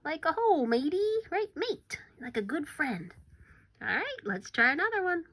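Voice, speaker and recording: A woman teaching a recorded phonics lesson to young children, slow and encouraging, sometimes dropping to a whisper for suspense. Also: high voice, sing-song, a bit bright.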